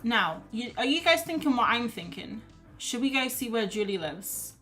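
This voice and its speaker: A woman livestreaming her art, chatting casually and laughing at herself as she thinks out loud. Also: fairly high pitch, expressive, normal speed, soft background music. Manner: chatty, self-deprecating, thinks aloud while reading chat. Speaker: art streamer.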